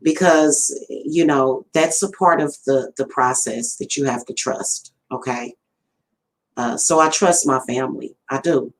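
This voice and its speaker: A middle-aged woman with a very deep voice speaks at a measured pace on a rough recording. She's a spiritual reader and channel host, chatting casually on a livestream, rambling and addressing her viewers directly.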